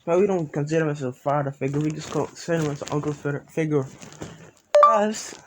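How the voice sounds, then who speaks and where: A man's voice: a little high, brisk. A man improvising a fan-fiction story into his phone, rambling, restarting and correcting himself as he goes. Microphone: phone, sometimes far from it.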